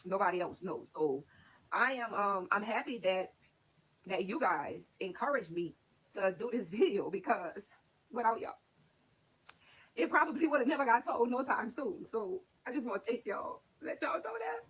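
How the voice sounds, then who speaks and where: A woman's voice: mid-range voice, animated, normal speed, fairly bright tone, breathy edge, low-quality recording. A woman casually telling her own life story to her stream viewers, candid and rambling, with lots of "like". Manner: candid, rambling, heavy use of "like". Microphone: streaming setup.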